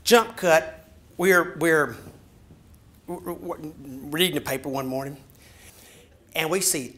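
Speaking slowly with long pauses, a Georgia-born man tells a story during a talk in a somewhat high voice. He's animated, acting out the scenes and sometimes sinking to a whisper.

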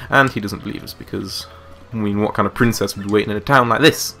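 A man's voice: on the low side, brisk, a bit bright, soft background music. A man giving chatty, joking commentary over a video game. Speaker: let's play commentator.

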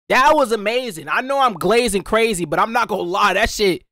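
Slangy, excitable young man reviewing food. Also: sits high, a little fast, hardly any pauses, dry recording, clean studio sound. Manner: slangy, excitable, swearing, repeating himself. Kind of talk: casual taste-test vlog.

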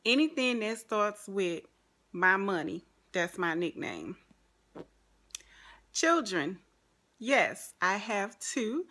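A woman's voice: mid-range voice, very animated, slow pace, long pauses, bright, forceful tone. A woman in her forties with a New Orleans accent, chatting to camera as a vlogger in a sassy, joking way. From New Orleans, Louisiana. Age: 40s. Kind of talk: casual chat to camera.

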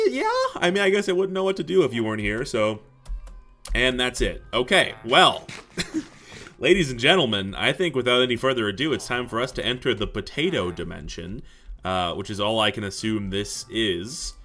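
A young man giving casual, jokey video game commentary, excitable and quick to swear when surprised. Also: medium pitch. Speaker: gaming commentator. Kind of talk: casual let's-play commentary.

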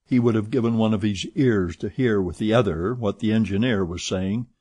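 A man narrates a novel in a steady, measured read. His voice is low and husky, recorded dry and close. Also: dry recording. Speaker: audiobook narrator. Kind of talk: audiobook narration.

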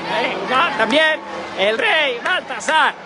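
A travel vlogger, a woman, gives excitable live commentary at a street parade outdoors and shouts out greetings and names. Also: high voice, slow pace. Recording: outdoor crowd noise. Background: cheering crowd and street noise.

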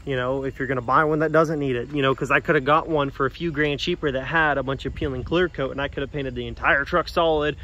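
A man casually talking about his pickup truck, animated and slangy, addressing his viewers directly. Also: mid-range voice, fast, hardly any pauses, dull audio. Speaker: truck vlogger. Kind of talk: casual vlog talk.

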